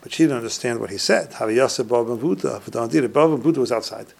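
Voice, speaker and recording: Male Torah teacher, gravelly mid-range voice, retells Talmud stories and often trails off quietly. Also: medium pitch, quick pace. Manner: retells Talmud stories, reciting Hebrew and Aramaic phrases and then translating. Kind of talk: recorded Torah class on humility.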